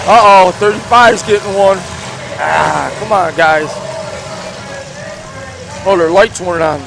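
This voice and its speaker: A man commenting live on a demolition derby in an excitable, stumbling way. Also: high-pitched, slow, vocal fry. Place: outdoor demolition derby track. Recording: loud engine and crowd noise outdoors.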